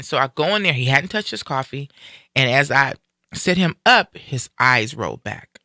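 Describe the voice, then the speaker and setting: A man in a casual live-stream conversation, retelling a personal story in an animated way and acting out what people said. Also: mid-range voice, moderate pace, dry recording, studio quality. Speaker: guest sharing a personal story.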